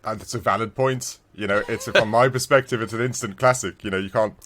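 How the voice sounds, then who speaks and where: A podcast co-host chats casually about retro games, an animated storyteller who laughs often. His voice is on the low side and fairly quick, with a little hiss or hum in the audio.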